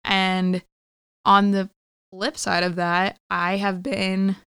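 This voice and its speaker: Bright, clear-voiced woman giving advice. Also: mid-range voice, flat delivery, no echo, clean studio sound. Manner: quick, laughing, advice-giving. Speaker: podcast co-host. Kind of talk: casual chat.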